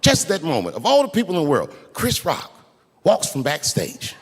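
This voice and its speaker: Stand-up guy, lively up-and-down delivery, somewhat high voice, big arena crowd cracking up. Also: normal speed, long reverb tail. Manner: storytelling with sudden loud acted-out outbursts. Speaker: stand-up comedian. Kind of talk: stand-up routine. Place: large arena stage. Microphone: handheld stage mic. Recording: live arena with roaring crowd.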